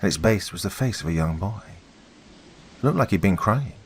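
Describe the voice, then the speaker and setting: Deep guy narrating a creepy story, steady and grave, bit of hiss. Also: brisk. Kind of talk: scripted horror narration.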